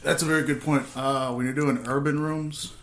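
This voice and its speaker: A man's voice: a little high, steady tone, normal speed, a bit bright, reverberant. A man hosting a casual chat, telling stand-up stories in a loose, joking way. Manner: laid-back storytelling, crude jokes. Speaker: podcast host and stand-up comedian.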